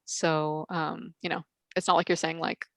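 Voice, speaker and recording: A woman's voice: low voice, flat delivery, normal speed, creaky, a bit bright, no room sound. A woman speaking as a podcast guest in a casual roundtable discussion, hesitant, with many fillers.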